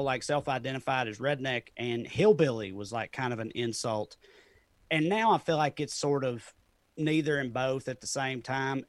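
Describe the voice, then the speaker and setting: This male comedian, speaking with a Southern Tennessee accent, keeps things loose and laughs a lot during a relaxed interview. His voice sits in the mid range, and there's no room sound at all.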